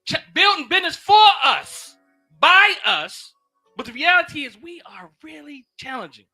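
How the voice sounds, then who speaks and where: A man giving an impassioned sermon-style talk in a casual, preacherly way, swinging from loud shouts down to low murmurs and repeating phrases. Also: big pitch swings, normal speed, faint music behind. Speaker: speaker giving a teaching.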